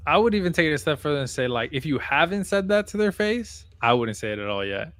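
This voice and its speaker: A man's voice: fairly high pitch, very animated, fast, a bit bright. A young man co-hosting a podcast, telling a story in a casual, laid-back way, swearing freely and laughing along. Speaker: podcast co-host.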